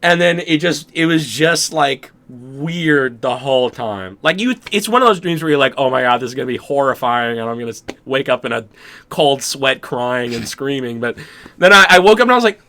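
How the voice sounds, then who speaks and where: Bright-voiced young man telling a dream. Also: medium pitch, lively intonation, moderate pace. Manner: rambling, laughs often, acts out his own reactions. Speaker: podcast co-host. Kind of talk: casual chat.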